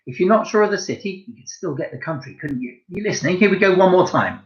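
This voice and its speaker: With a high voice, a quick pace, and few pauses, this male French teacher speaks straight to his young pupils during a home-learning lesson, lively and full of encouragement and praise. The highs in the audio are cut off.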